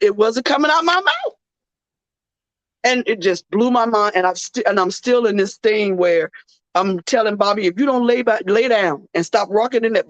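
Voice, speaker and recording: A tired woman hosting a faith-based talk show, speaking emotionally and haltingly with many restarts, close to tears. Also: medium pitch, no room sound, muffled recording. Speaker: radio show host.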